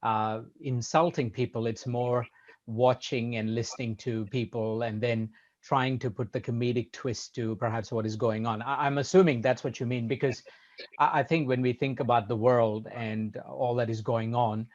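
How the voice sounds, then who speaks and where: A man hosting a podcast, talking in a measured, hedging way with many restarts. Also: mid-range voice, fairly even intonation, a little mellow, muffled recording. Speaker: podcast host. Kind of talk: casual conversation.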